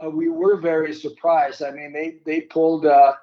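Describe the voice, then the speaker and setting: Older man, former player, interview, measured, slightly high voice, lo-fi. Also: little pitch movement. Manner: measured, searching for words. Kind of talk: reflective interview.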